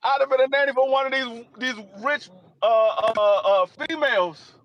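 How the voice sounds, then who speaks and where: High-voiced storytelling man from D.C. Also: normal speed, lo-fi sound, over a noisy crowd. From Washington, D.C. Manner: animated storyteller, swearing, repeats himself. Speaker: podcast co-host. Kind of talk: casual chat.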